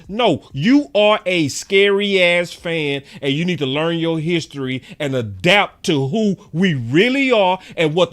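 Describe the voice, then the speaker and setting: A man's voice: high voice, fairly bright tone. A man in his forties, a sports fan commentator, giving a passionate and repetitive rant to camera with preachy emphasis.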